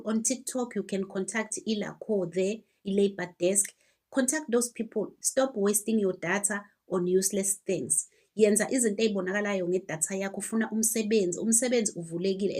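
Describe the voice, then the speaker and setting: A woman's voice: mid-range voice, darkish tone. South African woman lecturing her viewers. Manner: lecturing, rhetorical questions, code-switching. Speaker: commentator. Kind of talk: social commentary to camera.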